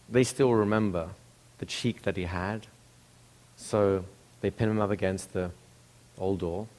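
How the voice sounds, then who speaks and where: A man's voice: fairly low pitch, a little mellow. A man telling a story in a casual, conversational way, with restarts and asides to the listener.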